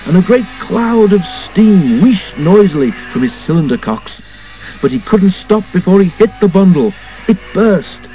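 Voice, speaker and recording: A man reads a children's storybook aloud, his voice warm and mellow. His delivery rises and falls in a lively way, and he voices every character himself. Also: high voice, a little slow, soft background music, poor audio. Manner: expressive, does all character voices. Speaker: storybook narrator. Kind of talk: scripted children's story reading.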